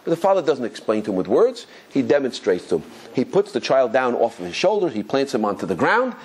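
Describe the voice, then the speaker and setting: A rabbi giving an animated Torah class, telling stories excitedly with stumbling repetitions and chuckles. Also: male voice, medium pitch, fairly quick, slightly rough. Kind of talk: animated Torah lesson with storytelling.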